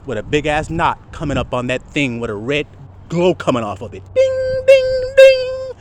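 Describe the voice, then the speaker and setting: A man's voice: mid-range voice, fairly quick. A man preaching a sermon outdoors, talking to his listeners with many rhetorical questions. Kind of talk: street-side sermon. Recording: outdoor traffic noise.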